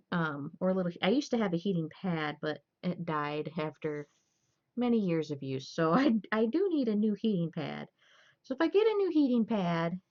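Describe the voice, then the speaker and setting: A young woman streamer chatting loosely and laughing as she tells stories. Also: on the low side. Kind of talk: casual chat. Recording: dull lo-fi stream audio.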